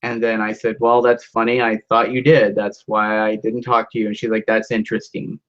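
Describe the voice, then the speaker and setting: A man's voice: on the low side, level tone, fairly quick, a bit bright. A young man rambling through a story in casual chat with a friend, with many fillers and swearing. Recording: dull lo-fi sound.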